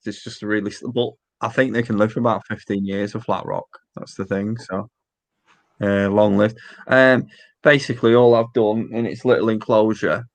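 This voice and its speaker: Gravelly low northern English man. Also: fairly even intonation, normal speed. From northern England. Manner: chatty, rambling with fillers and laughs. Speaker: guest, invertebrate keeper. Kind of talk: casual live stream chat.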